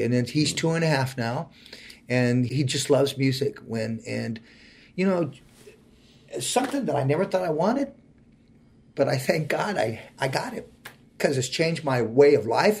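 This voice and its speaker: Sincere and moved, this forty-something man recounts his own story as an interview guest, his voice often sinking low. It is a creaky, mid-range voice.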